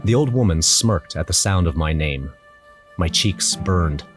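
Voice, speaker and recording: A man's voice: low-pitched, lively intonation, a little slow. A man narrating an audio drama in first person, nervous and wry. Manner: nervous, wry inner monologue. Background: music.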